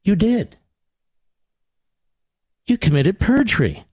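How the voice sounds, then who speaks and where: A man's voice: high-pitched, very animated, slow, a little mellow, husky, no echo, voice pushed up, full character voice. A man doing a cold, condescending tax official. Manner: bureaucratic, clipped, condescending.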